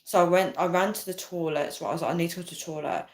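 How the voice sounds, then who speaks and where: A woman's voice: fairly low pitch, very fast. A young woman chatting casually to her viewers, telling a story and reading comments, often adding "right?" and "guys" and laughing. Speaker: vlogger reading live chat.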